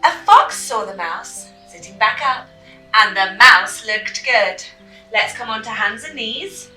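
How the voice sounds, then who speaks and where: Slow, bright-voiced woman teaching kids yoga. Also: fairly high pitch. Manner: gentle, encouraging instructions. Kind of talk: guided kids yoga with storytelling. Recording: roomy, mic at a distance, soft music.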